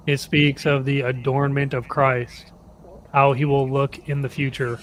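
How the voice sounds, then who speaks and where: Man, slow careful reading, flat steady pitch, devotional text, noisy background.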